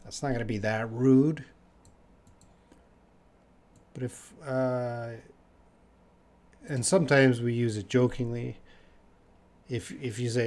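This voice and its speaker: A young man from Canada teaching English live, answering chat questions casually and repeating phrases slowly for learners. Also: medium pitch, fairly even intonation, a little mellow.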